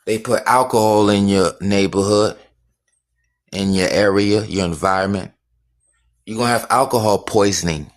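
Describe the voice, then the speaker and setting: A man's voice: fairly low pitch, normal speed. A man holding forth on a casual livestream, insistent and repetitive. He hammers the same phrases again and again and throws out rhetorical questions. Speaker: livestream host.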